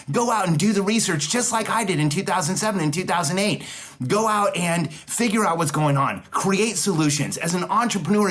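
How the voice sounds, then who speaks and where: A man's voice: fairly high pitch, a bit bright. A man hosting a solo podcast, speaking emphatically in repeated rallying phrases and often correcting himself mid-sentence. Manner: self-correcting restarts. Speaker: podcast host, business coach.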